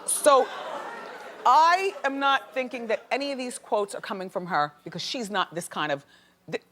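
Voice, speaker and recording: A woman's voice: on the high side, moderate pace, some chatter behind, a little hiss or hum. Chatty woman host dishing celebrity gossip. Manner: chatty, animated, opinionated. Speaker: talk show host. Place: TV studio with live audience.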